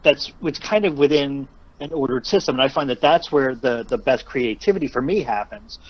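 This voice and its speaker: A man's voice: mid-range voice, animated, fairly quick, lo-fi sound. A man guesting on a casual podcast chat, wry and joking, tossing in asides.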